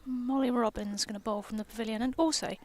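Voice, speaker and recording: A woman cricketer does guest commentary on a live match from an outdoor gazebo, speaking into a headset mic. Her fairly high, darkish voice is steady and fast as she trades playful, teasing, giggly banter in casual chat.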